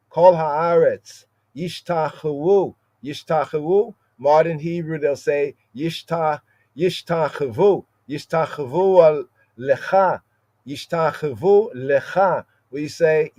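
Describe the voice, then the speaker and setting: A man teaching scripture on a podcast, slowly repeating Hebrew words and often asking "right?". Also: fairly high pitch, darkish tone, dry recording.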